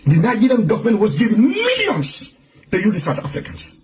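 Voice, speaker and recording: A man's voice: high voice, wildly swooping pitch, brisk, a little mellow, slight background noise. A man delivering an angry, profane, repetitive rant to his online audience. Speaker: online commentator.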